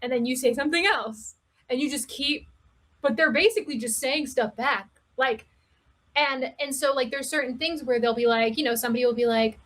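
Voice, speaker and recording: A woman talking candidly as a podcast guest, telling stories with laughs and quick asides. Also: fairly high pitch. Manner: candid, laughing, animated storytelling. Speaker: guest, cam performer. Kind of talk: casual podcast chat.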